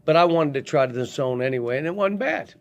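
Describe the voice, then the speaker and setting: Older male head coach, gravelly, blunt and halting, speaking into a table mic at a post-game press conference. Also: a little high, expressive, highs cut off. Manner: blunt, halting, frequent restarts.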